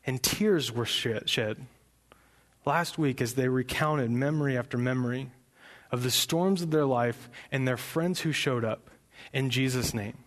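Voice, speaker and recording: A man's voice: mid-range voice, normal speed. Young male pastor, passionate sermon delivery with rising emphatic peaks. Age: young adult. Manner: impassioned, building to loud emphatic peaks.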